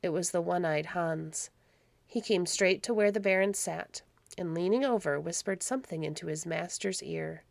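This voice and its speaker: A woman reading a classic story aloud in a calm, measured storybook narration. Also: fairly low pitch, creaky, no room sound. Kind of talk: scripted narration.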